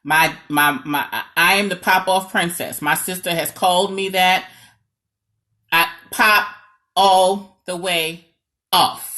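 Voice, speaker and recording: A woman from New York with a New York accent, talking as a marriage coach in a lively, dramatic, sarcastic way and often checking in with "okay?". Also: on the low side, slow pace. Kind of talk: direct-to-camera advice talk.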